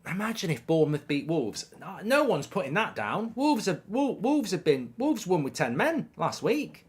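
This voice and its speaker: This football watchalong host has a voice that sits high and a normal speaking speed. Animated and excitable, he reacts live to the match and reads viewer comments, frequently tripping up and restarting what he's saying.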